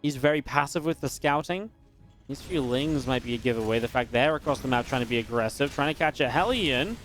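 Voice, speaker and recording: Soft music sits in the background as a medium-pitched male caster calls a strategy game match live. He talks fast and excitedly, restarting sentences and leaning on fillers.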